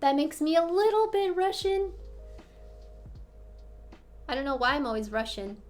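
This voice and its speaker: A woman's voice: high voice, big pitch swings, measured pace. An American woman hosting a casual live stream, chatting and answering viewers' questions with giggles. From United States. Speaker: livestream host answering chat. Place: apartment in Korea.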